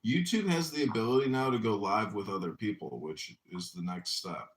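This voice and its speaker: A man's voice: lowish voice, fairly quick. A man hosting a casual podcast chat, rambling and boastful, laughing often between stories. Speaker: podcast host. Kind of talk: casual group chat on an audio space.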